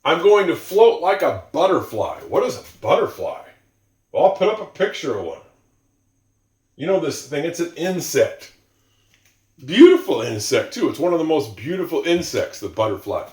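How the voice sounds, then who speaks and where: A man teaching English to learners, going slowly and repeating example sentences, with musing asides. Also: fairly high pitch, very animated, a little mellow, reverberant.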